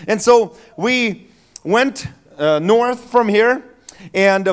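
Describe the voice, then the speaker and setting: Pastor guy, high smooth voice, chatty storytelling sermon, lots of uhs. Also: takes it slowly. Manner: conversational storytelling, joking, with fillers. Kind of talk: Christmas Eve sermon. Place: church sanctuary.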